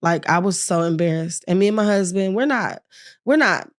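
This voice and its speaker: A young woman with a slightly low voice tells a personal story as a podcast guest. She is frank and animated, and she slips into the voices of the people she quotes. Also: normal speed. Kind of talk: casual storytelling.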